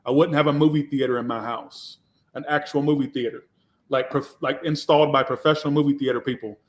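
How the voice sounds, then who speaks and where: A man's voice: mid-range voice, fairly even intonation, fairly quick. A man, a tarot reader from Georgia, telling his own story in a candid, reflective way with some swearing. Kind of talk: casual personal storytelling.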